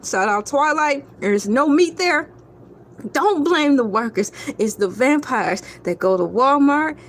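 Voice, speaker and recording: A woman's voice: high voice, a little hiss or hum. A woman vlogger telling a comic story in a casual, theatrical way, talking straight to her viewers. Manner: theatrical, playful, addresses viewers as y'all.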